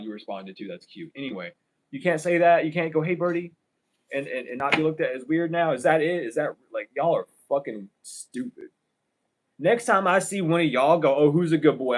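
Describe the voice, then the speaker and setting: A man's voice: a little high, animated, a little fast, poor audio. A man doing a casual tarot reading for viewers, ranting and swearing as he talks straight to them. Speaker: tarot reader.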